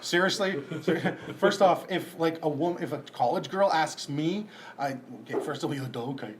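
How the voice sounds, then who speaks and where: Animated profane man in his forties. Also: on the high side, moderate pace, heavy background noise. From Canada. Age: 40s. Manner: profane, animated storyteller acting out voices. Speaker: guest comedian. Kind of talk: casual storytelling chat.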